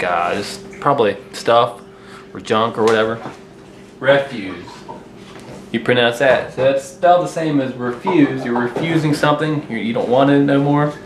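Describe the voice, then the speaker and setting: A man giving a casual home-made English lesson, talking loosely with many fillers and restarts, and slowing down to read his example sentences aloud. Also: mid-range voice. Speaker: English teacher. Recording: echoey room with clear kitchen noise.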